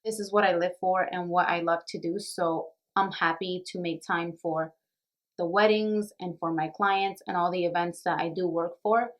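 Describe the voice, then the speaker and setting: A woman's voice: on the low side, steady tone, normal speed. A young woman who works as a makeup artist and beauty vlogger, talking to the camera in an earnest, reflective way, a little nervous and emotional. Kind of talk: casual talk to camera.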